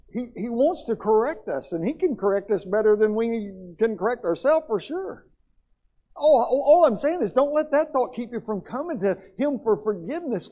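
A man preaching a sermon in a church, fervent, swinging between loud and quiet. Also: very high voice, poor audio. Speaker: pastor.

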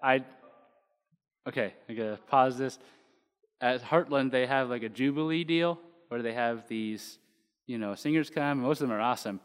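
A man's voice: mid-range voice, moderate pace, smooth. A man preaching casually to a congregation, joking in asides before reading a psalm aloud. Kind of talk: casual sermon with scripture reading. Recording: long hall reverb.

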